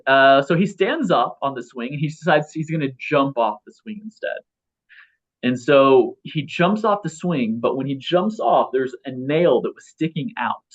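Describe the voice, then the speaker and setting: A man in his thirties, a philosopher guest in a casual interview, talking in a rambling way with many restarts and fillers. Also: mid-range voice. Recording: slightly dull lo-fi audio.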